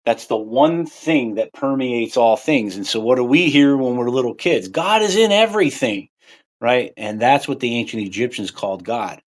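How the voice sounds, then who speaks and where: A man's voice: moderate pace, hardly any pauses. A man hosting a livestream, talking in a rambling, casual way, with many "right?" and "you know" fillers. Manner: rises in pitch and volume on quoted lines. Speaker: livestream host.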